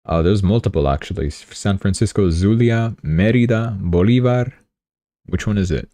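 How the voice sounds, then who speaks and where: Male livestream host, deep and mellow, casual rambling commentary. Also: normal speed, dry recording. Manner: chatty, rambling, joking asides.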